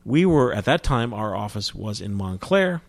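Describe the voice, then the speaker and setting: A man's voice: on the low side, sing-song, normal speed, creaky, dry recording. Chatty male interview guest, dry sound. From New Jersey, US. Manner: chatty, with frequent restarts. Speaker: guest, film distributor. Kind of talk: casual interview storytelling.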